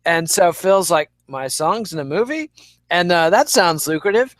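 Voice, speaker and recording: A man's voice: high voice, animated, moderate pace, fairly bright tone, no room sound. A man co-hosting a podcast in casual chat, with dry, wry asides and long anecdotes. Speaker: podcast co-host.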